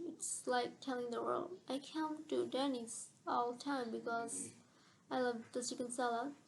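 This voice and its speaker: A woman's voice: on the high side, a little hiss or hum, close to an everyday voice, rough recording. A woman voicing an easygoing, chatty young man musician in an audiobook reading, speaking earnestly and rambling a little.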